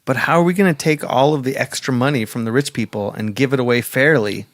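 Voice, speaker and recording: A man co-hosting a podcast talks in a plain mid-range voice and drops dry, sarcastic asides. His delivery stays deadpan and offhand. The sound is close on the mic with almost no room echo. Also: medium pitch, fast talker. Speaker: podcast co-host. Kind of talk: casual chat.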